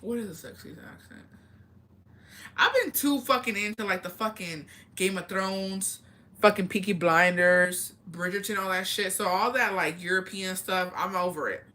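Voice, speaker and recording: A woman's voice: mid-range voice, normal speed, pushed and bright. A woman hosting a casual live stream, talking bluntly and profanely while reading and answering viewer comments. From Mexican heritage. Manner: blunt, profane, chatty, reads comments aloud.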